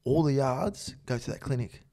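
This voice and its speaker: A middle-aged man appears as a podcast guest, telling stories in casual conversation with a mid-range voice at normal speed. He's animated, swears heavily, and acts out what other people said.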